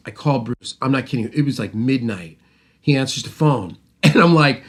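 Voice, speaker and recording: A middle-aged man tells a long story in a loose, casual way. He rambles and restarts, then acts out what other people said. His pitch is ordinary, neither high nor low. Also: a little fast, husky. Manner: animated, rambling, with restarts and acted-out quotes. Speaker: host, mixing engineer.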